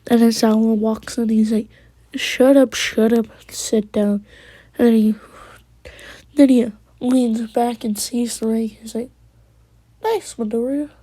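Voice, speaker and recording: Soft-voiced woman rambling through a story. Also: fairly high pitch, steady tone, measured pace, long pauses, dry recording. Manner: rambling, quoting characters with "he's like"; often drops into a whisper. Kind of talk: casual fan story retelling.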